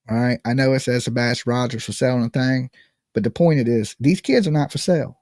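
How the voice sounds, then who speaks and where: A man's voice: mid-range voice, quick pace, a little mellow, no echo, clean studio sound. Rambling, profane man hosting a live stream. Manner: profane, repeats "okay" often; joking, self-mocking. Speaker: live call-in show host. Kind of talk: casual rambling livestream chat.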